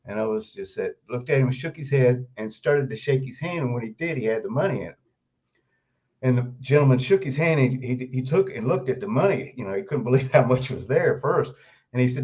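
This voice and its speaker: An older man, a guest author, telling animated stories in an interview and laughing often as he goes. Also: medium pitch, a little fast. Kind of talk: storytelling interview. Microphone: video call. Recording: dull lo-fi remote call audio.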